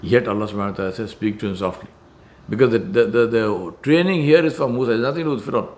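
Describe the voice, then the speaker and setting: A man delivering a sermon with earnest conviction. He drives his points home through repetition, often restarting a phrase before he finishes it. His voice sits at an ordinary pitch for a man. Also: racing. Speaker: preacher.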